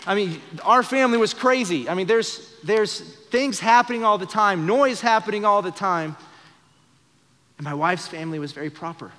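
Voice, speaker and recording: A young man with a slightly high voice preaches in earnest, playing out quoted lines with shifting voices. The long reverb of a church hall trails behind every phrase, as at a live evening service. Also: moderate pace, pushed and bright. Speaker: pastor. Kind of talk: sermon.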